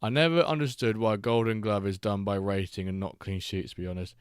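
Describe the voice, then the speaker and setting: A man's voice: fairly low pitch, a little fast, clear, resonant tone, no echo. Stream co-host, male, dry close sound, banters and swears, flares up on big moments. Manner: bantering, swears freely, bursts into excited match calls. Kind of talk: casual live-stream watchalong chat.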